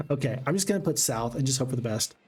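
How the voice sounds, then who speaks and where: A man streaming a strategy game, chatting excitedly to his viewers. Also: medium pitch, husky. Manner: excitable, chatty, talks to chat. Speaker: gaming streamer. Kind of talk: live game commentary.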